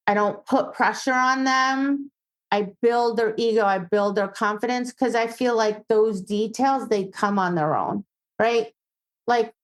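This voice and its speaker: A woman dog obedience trainer, a guest on a casual podcast, telling animated stories and acting out quoted voices. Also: medium pitch, low-quality recording.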